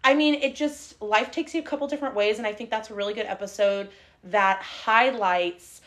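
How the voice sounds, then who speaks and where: A young woman from the Middle East co-hosting a podcast in a casual, chatty way, with lots of fillers and quick laughs. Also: mid-range voice, a bit bright. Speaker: podcast co-host. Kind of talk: casual chat. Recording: live stream, recorded together in a car.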